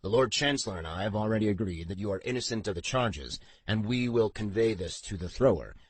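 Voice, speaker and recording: A male narrator gives voice to a soft-spoken older court official, formal and measured in his speech. He sits low and hushed, with a husky edge and gentle reassurance in every phrase. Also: lively intonation, no echo. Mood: soothing.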